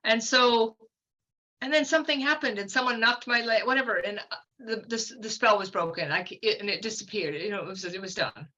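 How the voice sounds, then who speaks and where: A woman's voice: medium pitch, fairly quick, bright, forceful tone, low-quality recording. A woman in her fifties telling a long personal story as a podcast guest, chatty and meandering, full of fillers and asides. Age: 50s. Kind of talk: casual storytelling.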